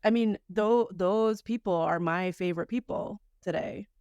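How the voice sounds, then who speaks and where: A woman's voice: medium pitch, measured pace, darkish tone, clear, resonant tone, no echo, highs cut off. A woman co-hosting a podcast in casual chat, reflective and chatty, laughing often. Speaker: podcast co-host.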